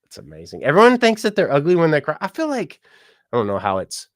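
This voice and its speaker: A man's voice: on the high side, huge pitch swings, quick pace, dry recording, studio quality. A man who works as a musician and mortician, chatting casually on a livestream and reading out viewer comments. He is upbeat and laughs often.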